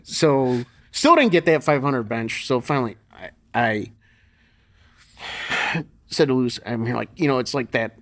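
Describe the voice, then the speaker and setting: A man's voice: mid-range voice, animated, measured pace, a bit bright. Blunt, profane middle-aged man telling stories. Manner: profane, blunt, laughs through his stories. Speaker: podcast guest. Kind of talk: casual storytelling interview.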